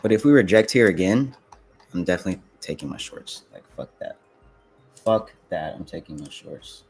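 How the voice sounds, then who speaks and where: A man's voice: deep voice, lively intonation, moderate pace, a little mellow, husky. A young man trading futures live on stream, talking casually to viewers and swearing, frustrated and muttering to himself. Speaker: livestreaming futures trader.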